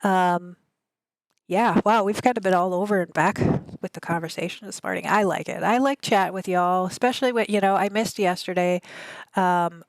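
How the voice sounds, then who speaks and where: A woman's voice: fairly low pitch, normal speed, no echo. A woman in her thirties with a Midwestern American accent, chatting casually with her live stream audience. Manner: chatty, rambling, reads chat aloud. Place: home gaming desk.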